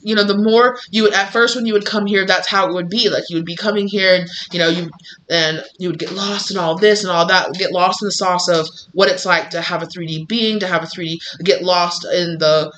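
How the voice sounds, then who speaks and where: A woman tarot reader sharing a casual spiritual message, chatty and animated, full of "like" and "you know". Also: on the low side, a little fast, slight background noise, rough recording.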